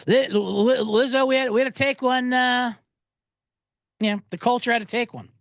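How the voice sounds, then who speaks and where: A man's voice: very high voice, steady tone, normal speed, creaky, a bit bright, dry recording. A man hosting a sports betting podcast, riffing sarcastically and profanely while reading viewer comments aloud.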